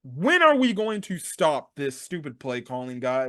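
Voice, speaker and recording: Male sports-talk host, high and very animated voice, exasperated ranting recap, dry close sound. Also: moderate pace, hardly any pauses, dry recording. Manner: fired-up, exasperated, repetitive rhetorical questions.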